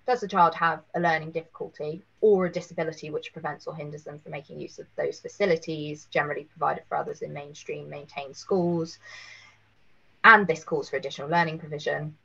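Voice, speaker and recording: A woman, hoarse after a cold, giving a careful webinar presentation with many fillers. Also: deep voice, fairly even intonation, normal speed, fairly bright tone, dull audio. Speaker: legal presenter.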